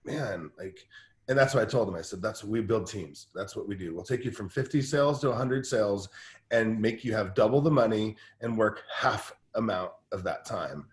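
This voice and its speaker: A man talking in a casual interview as a guest coach, telling energetic stories with lots of restarts. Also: lowish voice, echoey room. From Southern California. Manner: energetic, fast storytelling with many restarts. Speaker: guest team-building coach.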